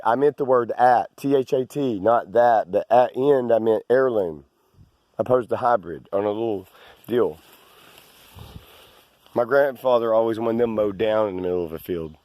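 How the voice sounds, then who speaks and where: A man films himself as he walks his rural land, slightly out of breath. He speaks in a mid-pitched voice, meandering through restarts and asides. The sound is close and dry. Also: darkish tone, dry recording. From Arkansas. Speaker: landowner vlogger. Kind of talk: rambling outdoor walk-and-talk.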